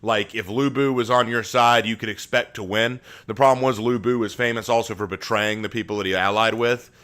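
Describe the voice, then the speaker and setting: A man's voice: on the low side, steady tone, brisk, a bit bright. A man hosting a casual live stream from home, chatting with viewers and reading their messages aloud.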